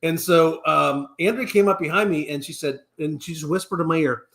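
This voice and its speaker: A middle-aged man co-hosting a live stream, telling animated anecdotes in a casual chat. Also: on the high side, fairly quick, few pauses. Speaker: co-host of a real estate live stream.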